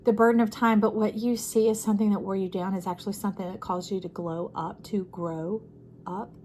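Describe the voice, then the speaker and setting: A woman's voice: mid-range voice, steady tone, brisk, warm tone, a little hiss or hum. A woman giving an intuitive tarot reading, speaking expressively and repeating phrases for emphasis. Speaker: tarot reader.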